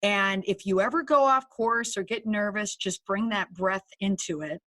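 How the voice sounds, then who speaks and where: Woman podcast host, mid-pitch, eager and exclamatory, casual interview chat. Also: moderate pace, fairly bright tone. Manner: enthusiastic, exclamatory.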